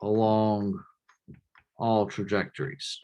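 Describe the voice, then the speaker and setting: A man giving a classroom lecture in a relaxed, conversational way, often checking in with the class by asking "right?". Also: fairly low pitch, takes it slowly.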